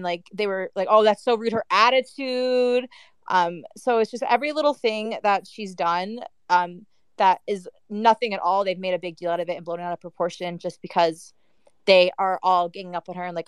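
Clear-voiced woman, heated and rambling. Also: medium pitch, no room sound. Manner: heated, with frequent "like" and "um" fillers. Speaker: guest speaker. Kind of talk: casual audio chat-room discussion.

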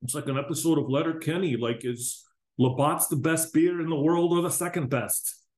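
A man's voice: a little high, normal speed, darkish tone, voice pushed up, lightly acted. A man voicing a cheery, folksy man, with chirpy sing-song exaggeration. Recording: roomy echo.

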